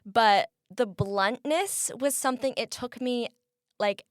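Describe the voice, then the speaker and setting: A woman's voice: on the high side, takes it slowly, no echo, studio quality. A young woman from the American Midwest, chatting casually as an interview guest, with lots of fillers and laughter.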